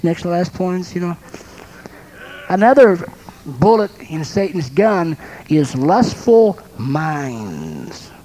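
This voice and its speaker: High-voiced man preaching with lively storytelling. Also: a little hiss or hum, poor audio. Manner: lively storytelling, acts out scenes with sound effects; laughs between points. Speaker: preacher and counselor. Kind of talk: sermon.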